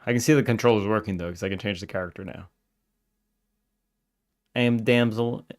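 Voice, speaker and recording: A man giving casual let's-play commentary as he streams a game, excitable and yelling at the characters in mock outrage. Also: on the low side, fairly quick.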